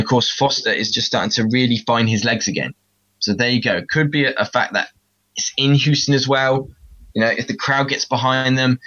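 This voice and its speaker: English guy chatting football on his podcast, bright sharp voice, bit dull sounding, talks right at the teams. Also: mid-range voice. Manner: animated, addresses teams directly, asides in a whisper. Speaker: podcast host. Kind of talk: casual sports chat.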